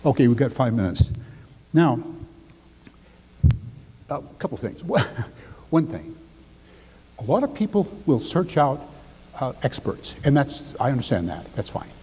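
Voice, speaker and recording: An older man giving a seminar talk, animated and acting out the lines he quotes. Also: medium pitch, unhurried, long pauses, breathy edge, big-room sound, low-quality recording. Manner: animated, acts out quotes, drops to near whisper for demonstration. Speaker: speaker.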